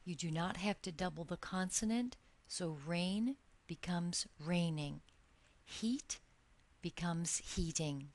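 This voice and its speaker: A woman teaching English grammar in a recorded lesson, speaking slowly and deliberately and drawing out each example word. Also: fairly low pitch, darkish tone.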